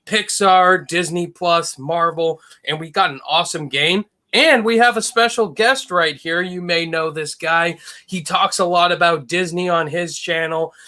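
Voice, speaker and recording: A man's voice: on the high side, measured pace, hardly any pauses, sharp tone. A man hosting a podcast, upbeat and enthusiastic in casual chat. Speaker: podcast host.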